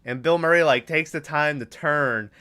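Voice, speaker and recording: His fairly high voice sounds pushed, bright and clean, moving at a moderate pace in a dry recording. The young host casually recaps a movie scene by scene on his podcast, quoting lines loosely and laughing.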